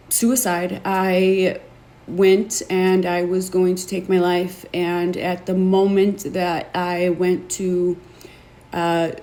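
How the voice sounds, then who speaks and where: A woman hosting a show, telling her own story to an online audience in an earnest, emotional, confiding way, halting and repeating words as she gathers her thoughts. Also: lowish voice, a little mellow. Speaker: podcast host. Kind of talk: candid personal testimony to an online audience.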